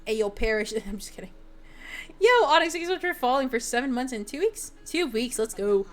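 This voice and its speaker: A young woman on stream talks fast in an animated voice on the high side. She chats with her viewers in a rambling, casual way, full of giggles and fillers.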